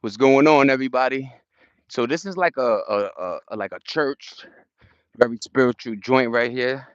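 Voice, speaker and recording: An upbeat vlogger from Brooklyn, New York livestreams while walking uphill through a park, greeting viewers and chatting casually in profane street slang. His mid-range voice is clear and resonant at a moderate pace, picked up by a phone held at arm's length, with no echo but dull audio.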